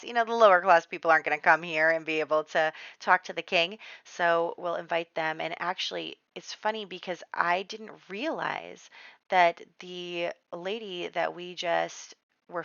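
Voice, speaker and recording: A woman giving casual let's-play commentary, chatty and giggly, telling the story and quickly quoting the characters. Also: fairly low pitch, vocal fry, sharp tone, no echo, dull audio. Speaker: gameplay commentator.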